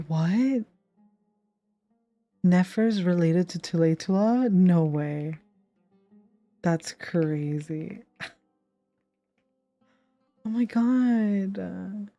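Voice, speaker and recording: Twenties woman streaming a game, chatty and emotional, slow, mellow low-ish voice. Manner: chatty, emotional, stumbles over names. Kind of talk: casual reaction chat.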